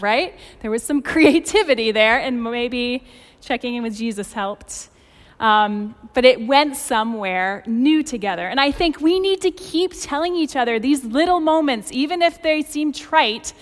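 A woman in her forties delivers a sermon, with a voice a touch higher than most women's. She tells stories with lively emphasis, and the sound carries a long hall reverb. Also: normal speed. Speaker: pastor.

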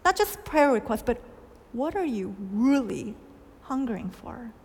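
Woman pastor, higher register, reflective storytelling sermon with long hall reverb. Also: big pitch swings, a little slow, husky. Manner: storytelling, questions, soft dips for quoted lines. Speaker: preacher.

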